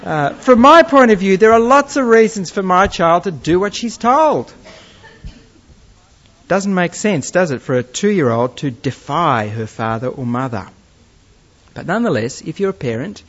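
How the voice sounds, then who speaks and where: Man preaching, animated and fairly high-pitched, dull lo-fi recording. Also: unhurried. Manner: lively storytelling with gentle humour. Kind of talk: sermon.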